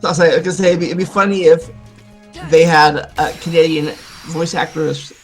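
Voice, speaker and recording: A man's voice: fairly high pitch, level tone, brisk, soft background music. A man joining as a guest on a let's play, chatting casually and filling his talk with "like". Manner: chatty, filler-heavy with many "like"s. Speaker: guest co-commentator. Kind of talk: casual chat over gameplay.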